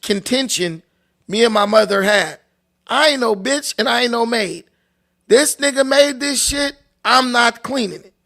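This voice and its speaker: A man with a strikingly high voice and a gravelly edge tells stories in a loose, profane, joking way. He from Long Beach and talks like a livestream host. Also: pushed and bright. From Long Beach, California. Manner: loose, profane, laughing storyteller. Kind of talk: casual storytelling.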